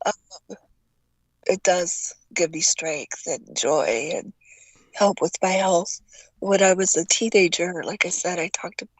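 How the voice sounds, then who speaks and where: A woman's voice: lowish voice, slow, breathy edge, no echo. An older woman from Taiwan, a guest telling stories in a casual chat, stammering now and then and acting out voices. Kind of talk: casual storytelling.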